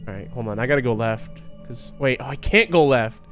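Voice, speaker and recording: A young man giving excitable, laughing commentary while playing a horror video game. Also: mid-range voice, fairly quick, soft background music. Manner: excitable, laughing, talks to himself and the viewers. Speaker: gaming YouTuber.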